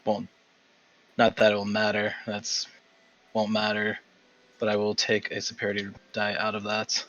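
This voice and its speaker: Low-voiced man talking game rules. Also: monotone, normal speed, fairly bright tone. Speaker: player. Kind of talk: playing a tabletop game. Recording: dull lo-fi recording.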